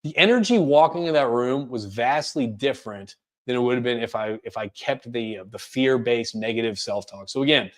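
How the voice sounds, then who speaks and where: A man presenting a career coaching webinar, talking quickly and energetically with frequent restarts. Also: medium pitch. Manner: fast, energetic delivery with many restarts. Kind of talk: webinar talk.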